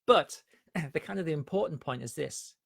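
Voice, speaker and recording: A man with a fairly high, gravelly voice answers viewers' questions about anxiety in a live stream. He explains things step by step and brings in short parables. The sound is dry and close. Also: animated, normal speed, fairly bright tone, dry recording. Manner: explanatory, tells parables with acted quotes. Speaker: anxiety coach.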